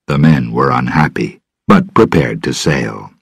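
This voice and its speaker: Male narrator for learner stories, very deep, husky, dry close sound, slow and lively in pitch. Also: no room sound. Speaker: storyteller. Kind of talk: graded-reader story narration for English learners.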